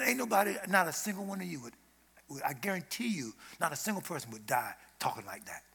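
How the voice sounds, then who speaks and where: A man's voice: high voice, sing-song, quick pace, creaky, sharp tone, slightly rough. A man preaching an informal sermon as a guest preacher, in an emphatic, conversational way.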